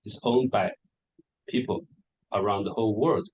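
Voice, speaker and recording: A man's voice: lowish voice, animated, normal speed, slightly rough, dull audio. Hesitant male lecturer giving a presentation. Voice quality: hesitant, with many repeated words and fillers. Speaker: lecturer presenting on English varieties. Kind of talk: conference presentation.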